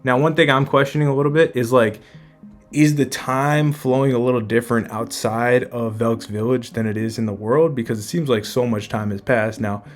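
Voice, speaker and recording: Guy doing a laid-back manga chapter breakdown, thinks out loud, middle pitch, soft music behind. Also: fairly even intonation, moderate pace. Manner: conversational, musing aloud. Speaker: manga commentator.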